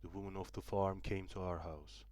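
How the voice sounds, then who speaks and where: Brief: young male student narrator, Turkish native, deep voice, dry close read. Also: fairly even intonation, moderate pace, a little mellow, no room sound. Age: young adult. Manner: careful reading with small restarts. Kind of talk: audiobook narration.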